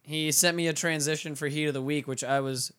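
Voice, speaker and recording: A man's voice: on the high side, fairly even intonation, fairly quick, fairly bright tone, clear, resonant tone. A man hosting a podcast, chatting loosely and swearing freely. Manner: loose and profane banter. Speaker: podcast host. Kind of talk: casual chat.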